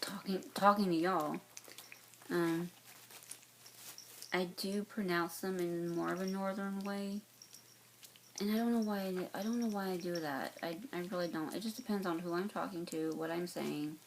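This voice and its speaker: Rambling woman vlogger with a mild Southern accent, slightly low and gravelly voice, faint hiss behind. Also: steady tone, moderate pace, poor audio. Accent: light North Carolina Southern. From North Carolina, US Southeast. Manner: rambling, many fillers and restarts. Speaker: cross-stitch vlogger. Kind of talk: casual chat to camera.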